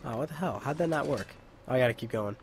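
A man's voice: mid-range voice, animated, fast talker, a little mellow, slight background noise. A young man giving casual, rambling, joking gameplay commentary into a home mic. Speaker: let's play host. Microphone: home mic with pop filter.

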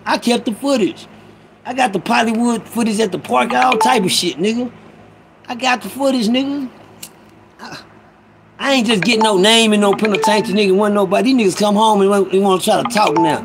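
Excitable high-voiced St. man streaming. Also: brisk, background noise. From Ferguson, Missouri. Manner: loud, excitable, profane street talk. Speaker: live stream host. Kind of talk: casual live stream chat. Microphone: phone.

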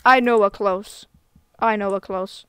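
A woman streaming a game live, talking casually to viewers, excitable and giggly, full of slang. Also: medium pitch, a little slow, clean tone, dry recording, studio quality. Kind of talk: casual live gameplay commentary.

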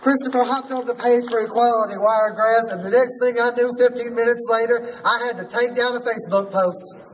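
A man, a drag queen, hosts an outdoor rally in front of a courthouse, leading the crowd in call-and-response chants. His rally speech is sassy and rousing, delivered in a very high voice with a steady tone at a slightly fast pace. The mic is distant, with faint background noise.

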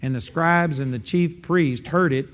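A man preaching a sermon, emphatic, breaking into quick offhand asides. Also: fairly high pitch. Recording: dull lo-fi sound with long hall reverb.

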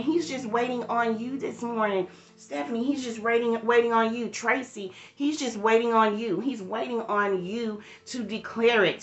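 A woman's voice: on the high side, a bit bright, echoey room. A woman leading a livestreamed morning devotional, preaching with rising emphasis and greeting viewers in the chat by name. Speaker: church devotional leader.

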